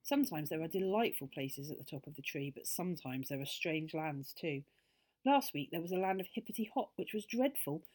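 A woman tells a children's chapter story expressively, keeping the listener close. Her voice sits a little low with a breathy husk, and its pitch moves in animated swoops. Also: brisk.

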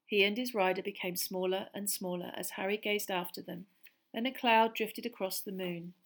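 Female narrator, measured storybook reading at a medium pitch. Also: steady tone. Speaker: audiobook narrator.

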